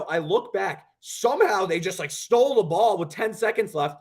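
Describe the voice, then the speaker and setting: Young dude on a betting podcast, kinda high voice, rambling and animated, lots of "like". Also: male voice, normal speed. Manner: animated, rambling storytelling with many "like"s. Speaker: sports betting co-host. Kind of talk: casual podcast chat.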